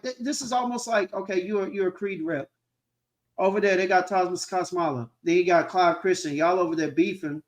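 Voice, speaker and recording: A man co-hosting a casual chat, caught mid-rant. He swears freely and hammers the same points over and over, loud and emphatic. He sounds like he is talking on a video call from home. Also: sits high. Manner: profane, emphatic, repeats himself. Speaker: co-host.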